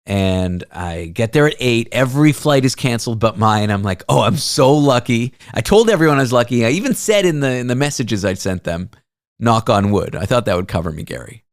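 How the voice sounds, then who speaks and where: A man's voice: mid-range voice, very animated, brisk, hardly any pauses, dry recording, studio quality. A man hosting a talk show, telling a travel story in a casual, self-deprecating way. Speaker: radio show host.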